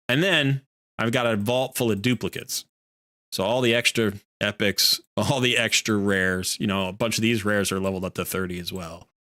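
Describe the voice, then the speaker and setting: A man's voice: on the low side, bright, forceful tone, dry recording, studio quality. A man hosting a live game stream, chatting casually and rambling with lots of fillers. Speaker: streamer host.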